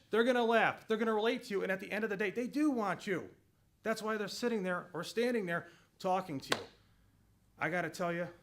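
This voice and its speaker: A man giving a sales training talk, energetic and emphatic, repeating key phrases to drive each point home. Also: on the high side.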